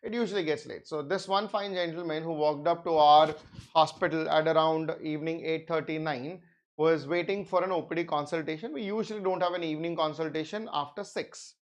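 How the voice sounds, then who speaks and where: Animated Indian male surgery lecturer. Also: fairly high pitch, brisk. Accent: Indian English. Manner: animated storyteller, acts out dialogue, mixes in Hindi. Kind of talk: medical lecture with anecdote.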